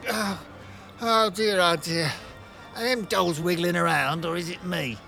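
A man's voice: high-pitched, unhurried, vocal fry, bright, forceful tone, faint music behind, full character voice. An actor playing a shifty, bloodied man close to fainting, grumbling wryly and woozily in an audio drama. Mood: woozy. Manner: woozy, wry grumbling.

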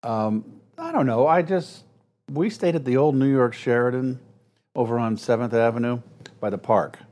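A man in his sixties telling animated anecdotes as an interview guest, acting out quoted voices and laughing often. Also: mid-range voice, normal speed. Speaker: guest, former ballplayer. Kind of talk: storytelling interview.

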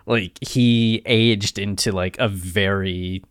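A man co-hosting a podcast who retells a story in a playful, rambling way. His voice sits fairly low and the sound is dry and close to the mic. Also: steady tone, slow, dry recording. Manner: playful, rambling, laughs often. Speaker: podcast co-host. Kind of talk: casual chat, storytelling.

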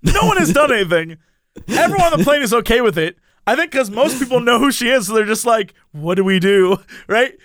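A man's voice: extremely high pitch, fast, dry recording, clean studio sound. A man chatting casually on a podcast, telling a story with lots of laughs and playing out the other people's lines himself. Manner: animated, laughs often, acts out quoted voices.

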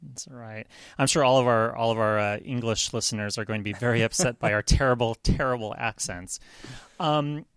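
A man's voice: mid-range voice, fairly quick, a bit bright, clean tone, no room sound, clean studio sound. A man hosting a music podcast in casual chat, talking with many ums and restarts. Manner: chatty, lots of ums and restarts. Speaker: podcast host.

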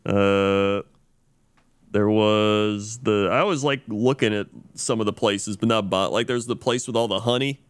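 A man's voice: fairly low pitch, unhurried, clear, resonant tone. A man co-hosting a podcast, telling a rambling story in casual chat full of fillers and restarts. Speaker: podcast co-host.

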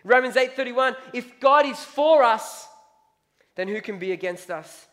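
A man's voice: extremely high pitch, lively intonation, a little slow, a bit bright. A man preaching a sermon, emphatic, reading scripture aloud and repeating key lines.

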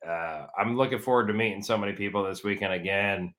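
A man's voice: fairly low pitch, quick pace, fairly bright tone. A man guesting on a casual fan podcast, swearing freely and teasing the hosts between thanks. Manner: profane, teasing, jokey. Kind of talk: casual banter.

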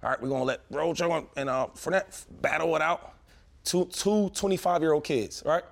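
A man in his thirties, a former pro football player, telling stories in a casual chat with slang, quick restarts and lots of animation. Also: fairly high pitch. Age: 30s.

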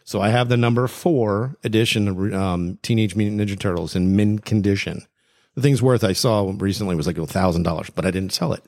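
A man's voice: lowish voice, a little fast, darkish tone. A man co-hosting a podcast, chatting casually and telling funny stories with frequent laughs. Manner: storytelling, laughs often. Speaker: podcast co-host. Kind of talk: casual chat.

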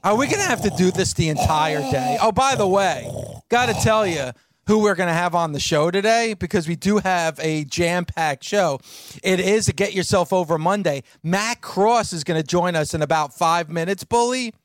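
A man's voice: high-pitched, normal speed, no echo, clean studio sound. A male radio show host ribbing his co-host in bantering talk, exasperated and mocking.

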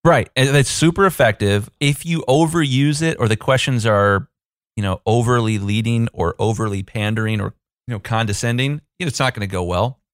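A man in his thirties, a business coach hosting a casual podcast, talking in a chatty, self-deprecating way with quick asides. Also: mid-range voice, no room sound, studio quality.

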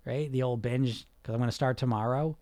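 A man's voice: medium pitch, fairly even intonation, brisk, darkish tone, no room sound. Blunt, emphatic male coach, dry sound. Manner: emphatic, blunt and sometimes profane, full of rhetorical questions. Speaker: weight-loss coach. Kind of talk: coaching talk to a group.

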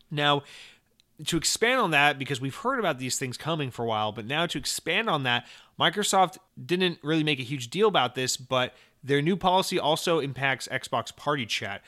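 A man hosting a casual gaming podcast, talking in an animated way with plenty of swearing and sudden exclamations. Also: a little high, brisk. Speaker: podcast host.

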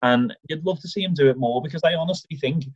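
Irish male podcast co-host, lively storyteller, dull lo-fi recording. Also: on the high side, fast talker, slightly rough, no echo. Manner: enthusiastic, animated storytelling with acted-out quotes. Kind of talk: casual football chat.

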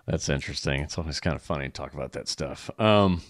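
A man hosting a casual interview, relaxed and agreeable, asking questions. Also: rumbling low, fast talker, no room sound, studio quality. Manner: relaxed, agreeable, short reactions. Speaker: podcast host.

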